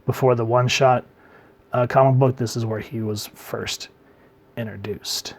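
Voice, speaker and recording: A man reviews a comic book in a casual, relaxed way, letting the ends of his phrases fade off quietly. His voice is mid-range and he speaks a little slowly.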